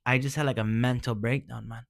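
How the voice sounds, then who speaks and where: A man's voice: mid-range voice, steady tone, a little fast, vocal fry, no room sound, clean studio sound. A man talking casually and earnestly, giving heartfelt advice in informal slang and often calling the listener man or bro. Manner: earnest, encouraging. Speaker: vlogger sharing personal experience.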